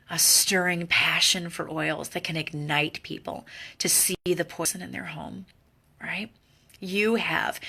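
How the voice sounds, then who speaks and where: Middle-aged woman, fervent motivational team leader, gravelly edge and bright tone. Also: fairly low pitch. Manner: fervent, pleading, repetitive pep talk. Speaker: network marketing team leader. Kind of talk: motivational training talk.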